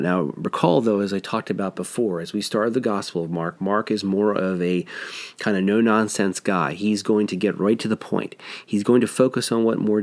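A man teaching through a Bible passage verse by verse in a conversational, explanatory way, with frequent restarts. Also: lowish voice.

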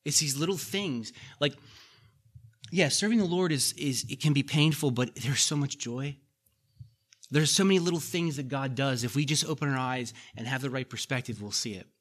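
Preaching at normal speed in a medium-pitched, slightly bright voice, a middle-aged pastor keeps his sermon conversational. He returns to key lines and tosses folksy remarks to the congregation.

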